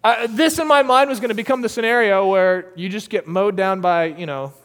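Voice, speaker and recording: An American man, a missionary storyteller, tells a story casually in a large hall, his voice high, clear and resonant and his pace a little fast. He is animated, laughs often and fills his speech with many fillers.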